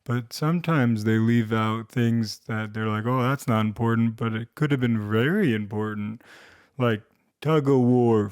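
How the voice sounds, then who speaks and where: A man's voice: lowish voice, darkish tone, smooth. A young man telling a comedic story to camera in a rambling, self-deprecating way, with sarcastic asides. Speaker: storytime vlogger.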